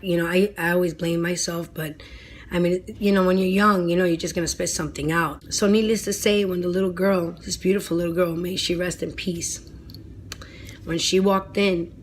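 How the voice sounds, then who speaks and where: Earnest woman telling a storytime, low-pitched. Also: slight background noise. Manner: earnest, dramatic, drops to a hushed near-whisper at grim moments; chatty with fillers like "you know" and "right?". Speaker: vlogger telling personal stories. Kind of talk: casual storytime monologue.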